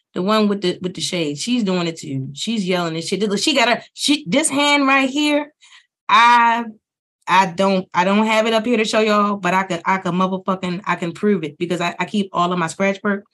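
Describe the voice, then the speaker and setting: Blunt, profane woman reviewing a reality show. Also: normal speed. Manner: blunt, profane, rising loud and high when ranting. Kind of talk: profane casual commentary.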